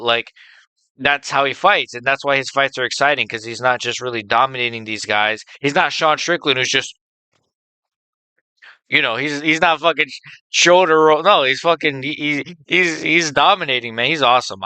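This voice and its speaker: A man's voice: medium pitch, bright, forceful tone, smooth, no echo. A man rambling through casual fight picks, swearing freely and filling gaps with um and like. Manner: rambling, profane, with many fillers; enthusiastic fan opinions. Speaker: MMA video host. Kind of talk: casual unscripted monologue.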